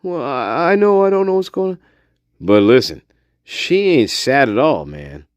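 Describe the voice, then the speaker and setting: A man's voice: mid-range voice, very animated, measured pace, no room sound, dull audio. A man hosting a livestream, giving crude, mocking commentary and laughing often. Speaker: livestream host.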